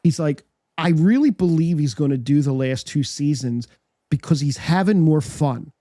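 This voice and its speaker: A man's voice: on the high side, normal speed, dark tone, no echo, clean studio sound. A man co-hosting a podcast, chatting casually and telling a story with acted-out quotes and frequent restarts. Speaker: podcast co-host. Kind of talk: casual chat.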